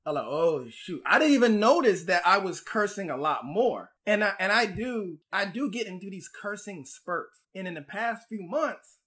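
A man with a husky voice talks in casual podcast banter, his pitch swinging widely as he acts out the people in his stories. He laughs easily between lines. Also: moderate pace, few pauses. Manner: animated storyteller, acts out voices, laughs often. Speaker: podcast co-host.

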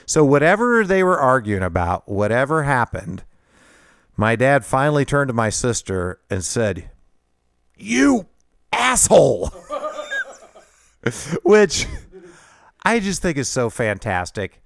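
A man's voice: mid-range voice, big pitch swings, moderate pace, fairly bright tone, clear, resonant tone, no room sound, studio quality. A middle-aged man hosting a podcast, telling a personal story in a conversational, self-deprecating way with frequent laughs. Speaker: podcast host.

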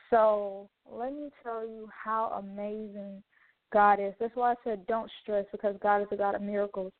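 A woman's voice: mid-range voice, steady tone, unhurried, dry recording. A woman radio host telling a personal testimony in a heartfelt, chatty way, full of "you know" asides. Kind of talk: personal testimony, casual talk. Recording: narrow phone-like sound, dry.

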